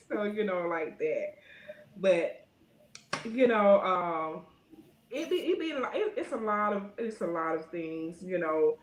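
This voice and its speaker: A middle-aged woman, talking in a casual interview and filling her speech with "you know", getting lively when she tells stories. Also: fairly low pitch, slow pace, pauses often, roomy sound. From Alabama. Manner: rambling, frequent "you know" fillers; animated when telling stories. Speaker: guest.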